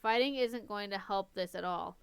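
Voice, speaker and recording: A woman reading the lines of a calm, stern young male angel in a story, in her own voice. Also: medium pitch, normal speed, creaky, smooth, dry recording, lightly acted.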